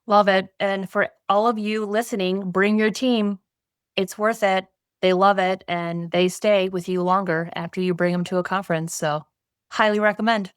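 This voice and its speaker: A woman's voice: mid-range voice, steady tone, normal speed, clean tone, no room sound, clean studio sound. A woman, a business owner, talking as a podcast guest in an upbeat, enthusiastic way. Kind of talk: casual conversation.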